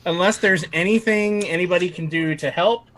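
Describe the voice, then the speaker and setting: A man narrating as game master of a tabletop game, telling the scene in a lively, animated way. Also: high voice, moderate pace, a little hiss or hum.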